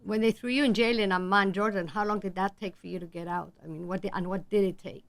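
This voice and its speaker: A woman hosting an interview, asking questions and giving short prompts in a soft-spoken way. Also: mid-range voice, steady tone, fast, vocal fry. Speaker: host.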